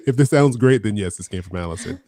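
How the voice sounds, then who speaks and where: A man's voice: mid-range voice, sing-song, moderate pace, dark tone, no echo, clean studio sound. A man co-hosting a casual live chat, laughing often and playfully teasing his co-host. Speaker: podcast co-host.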